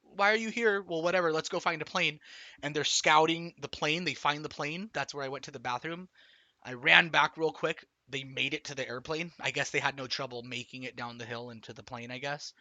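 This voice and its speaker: A man streaming, recapping a film in an excited, rambling way, swearing often and restarting sentences. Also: medium pitch, a little fast, no room sound. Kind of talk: excited casual movie recap.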